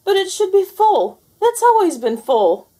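A woman voicing a fussy, hungry male ghost in a storybook read-aloud, talking in a high shrieking wail. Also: sing-song, measured pace, warm tone, exaggerated voice. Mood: shrill.

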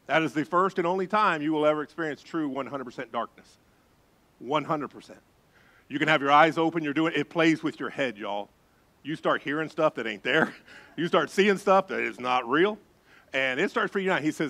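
Male pastor, slightly raised pitch, animated sermon storyteller who drops to a hush for suspense. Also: fairly quick.

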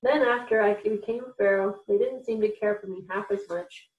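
A woman's voice: mid-range voice, steady tone, moderate pace, recorded from a distance, dull audio, close to an everyday voice. A proud, moody pharaoh speaks in a grand, commanding way that slides into weary wistfulness, as a woman reading a storybook puts him on. The room rings with echo. The voice sits back from the microphone. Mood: wistful. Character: moody, grand ancient Egyptian pharaoh, man. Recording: echoey room, voice off-mic.

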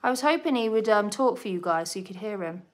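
Talking quickly in an expressive mid-range voice, a British woman hosts a casual live chat for her channel and scolds her parrot between sentences. Behind her come loud squawks and clicks, plus slight background noise.

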